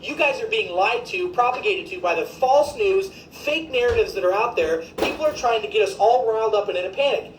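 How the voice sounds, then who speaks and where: A woman's voice: medium pitch, animated, fairly quick, few pauses. A woman physician, delivering an indignant, emphatic, profane rant to her viewers. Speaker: physician commentator. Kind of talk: ranting video commentary. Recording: echoey room, faint background noise.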